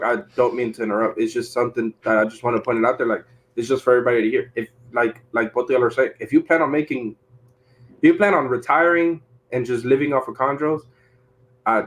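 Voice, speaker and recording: A man, a guest breeder, talking earnestly in a casual podcast chat, with frequent restarts. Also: mid-range voice.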